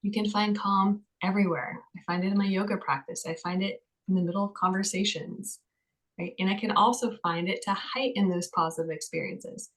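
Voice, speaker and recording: A woman mental health counselor talking casually on a podcast, telling stories in a chatty, lively way with many fillers. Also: mid-range voice, a little fast, poor audio.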